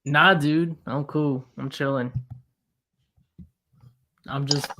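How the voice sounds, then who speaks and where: A man's voice: a little high, steady tone, slow, bright, forceful tone. Laid-back man chatting casually. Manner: laid-back, filler-heavy talk. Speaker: co-host of a collectors live stream. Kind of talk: casual livestream chat.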